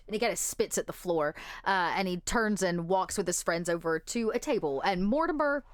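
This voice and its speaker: A woman narrating a tabletop game as its game master, with a mid-pitched voice. She talks casually and rambles, with plenty of fillers, and the sound is dry and close to the mic. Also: animated, normal speed, dry recording.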